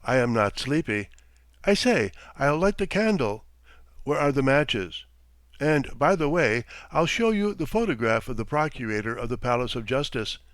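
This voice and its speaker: A man's voice: medium pitch, expressive, normal speed, a bit bright, dry recording, close to an everyday voice. Man doing a brusque husband, curt, mocking, dry sound. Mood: teasing. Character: brusque, teasing middle-aged official husband.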